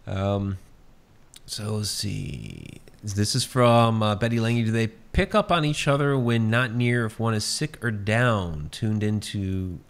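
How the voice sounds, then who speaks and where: A man hosting a casual livestream chat over a video call, reading out viewer questions in a relaxed way. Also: lowish voice, takes it slowly, gravelly. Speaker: podcast host.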